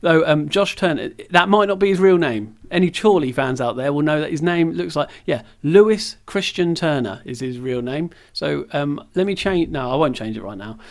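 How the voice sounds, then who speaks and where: A young man chats loosely over a sports management game, wandering into jokey, self-deprecating asides. His voice sits a little on the high side for a man. It sounds like it was picked up on a camera's own mic at home. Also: expressive, moderate pace, few pauses. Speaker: gaming video creator. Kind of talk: casual let's-play commentary. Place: at home, sitting on the floor. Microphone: camera's built-in mic.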